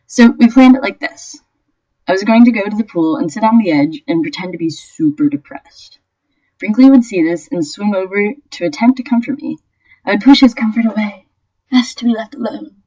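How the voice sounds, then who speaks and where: A young woman reading aloud a story she wrote, telling it in a lively way with bursts of laughter. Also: medium pitch, husky. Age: young adult. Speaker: vlogger. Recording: dull lo-fi webcam audio.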